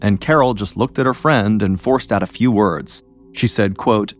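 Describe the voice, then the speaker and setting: A male podcast host with a fairly low voice narrates a true-crime story in a measured, suspenseful, scripted style, with faint music in the background.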